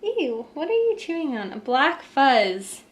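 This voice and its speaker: High-voiced young mom vlogging. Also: female voice, big pitch swings, measured pace. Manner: sing-song baby talk to a toddler. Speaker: family vlogger. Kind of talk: casual family vlog.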